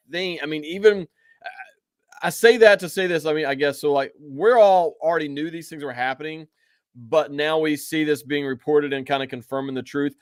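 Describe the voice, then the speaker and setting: A man's voice: medium pitch, dry recording. Dry-sounding man, emphatic podcast co-host. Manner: emphatic, frequent restarts and repeated words. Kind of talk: casual political talk.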